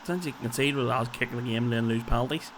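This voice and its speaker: A man's voice: medium pitch, quick pace, slight background noise. A man, casually commenting on a football management game and thinking aloud as he plays. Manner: chatty, thinks aloud, tags lines with "so it did" and "like". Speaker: video game player and commentator.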